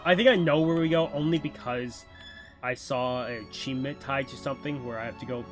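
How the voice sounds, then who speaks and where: A man live streaming a video game, reading in-game notes aloud haltingly and commenting as he plays. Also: mid-range voice, music in the background. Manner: halting reading aloud, stumbling over words. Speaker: gaming streamer.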